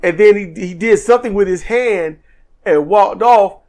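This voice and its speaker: A man co-hosting a podcast, giving an animated, joking wrestling review in casual chat. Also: high-pitched, moderate pace. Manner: animated, acts out quotes in silly voices; joking, laughs often. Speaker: podcast co-host.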